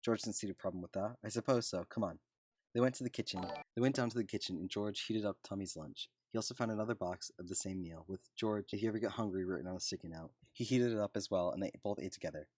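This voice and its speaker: Man reading fan fiction, low voice, dry close sound, casual, self-correcting stumbles. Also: quick pace, hardly any pauses, darkish tone, dry recording. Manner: casual reading, often stumbles and restarts words. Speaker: fanfiction reader.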